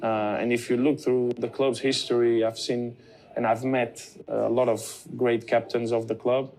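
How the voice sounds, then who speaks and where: A man, a professional footballer, answering interview questions in a measured, hesitant way with frequent restarts. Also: mid-range voice, flat delivery, darkish tone.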